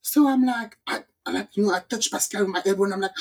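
A woman from the Caribbean hosting a podcast, telling a story in a lively, casual way and acting out the people in it. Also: medium pitch, fairly quick, slightly rough. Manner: animated storyteller, acts out quoted voices. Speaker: podcast host.

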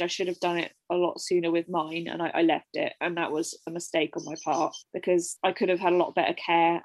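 A woman's voice: lowish voice, dry recording, low-quality recording. Candid young woman, dry close sound. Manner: open, reflective, often restarts and quotes herself. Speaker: interview guest. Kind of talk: candid personal account.

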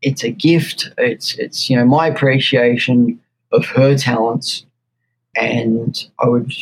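A man with an Australian accent, a guitar maker being interviewed, telling an animated story and acting out the quotes. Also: medium pitch, slow pace, husky, poor audio. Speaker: guest luthier.

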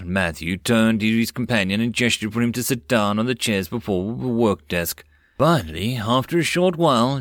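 A man narrating a web novel audiobook in a plain, steady reading voice. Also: lowish voice, no echo.

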